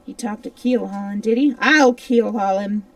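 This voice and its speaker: A woman reading aloud and voicing a gruff one-legged male pirate cook who talks in loud, excitable bursts. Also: mid-range voice, moderate pace, no room sound, far from the mic, close to an everyday voice. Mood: excited.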